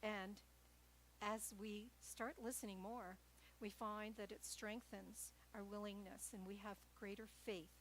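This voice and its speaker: Gentle woman giving a light-hearted sermon. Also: medium pitch, steady tone, unhurried, a little hiss or hum, low-quality recording. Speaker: guest speaker at church.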